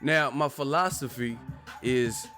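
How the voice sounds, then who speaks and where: A man's voice: mid-range voice, slow pace, bright, forceful tone, faint music behind. A man chatting casually on a live stream, laughing often, swearing and slipping into impressions of others. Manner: laughs often, profane, slangy, imitates others. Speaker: commentator.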